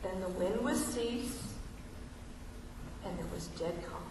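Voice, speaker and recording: A woman's voice: mid-range voice, animated, slow, noisy background. A woman preaching a sermon in a conversational, questioning way, reading scripture aloud and asking the listeners questions. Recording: echoey hall, mic far off.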